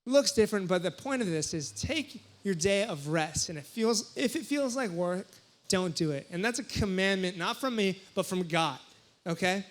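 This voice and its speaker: A young man preaching a sermon as a young adults pastor, telling jokey stories with sudden loud exclamations. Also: high-pitched, animated, normal speed. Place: church hall before a congregation.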